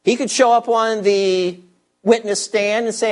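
A man's voice: high voice, a little slow. A man preaching a sermon, teaching verse by verse and asking his listeners rhetorical questions with strong emphasis. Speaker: pastor.

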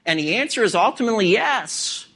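Very animated and a little fast, this pastor delivers expository preaching to his church in a high voice with a bright, forceful tone. He leans hard on key words and throws rhetorical questions at the congregation.

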